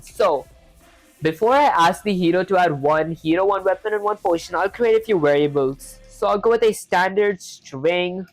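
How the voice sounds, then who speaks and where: Lady coding on stream, kinda low voice, rambly and chatty with chat. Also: no room sound, rough recording. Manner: chatty, many fillers like "like" and "uh". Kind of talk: casual live-coding stream, chatting with viewers.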